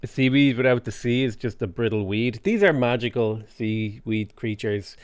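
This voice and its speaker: A man's voice: medium pitch, normal speed, dry recording, studio quality. A man casually chatting on a livestream while gaming, rambling and swearing freely, with jokey asides to chat. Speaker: streamer.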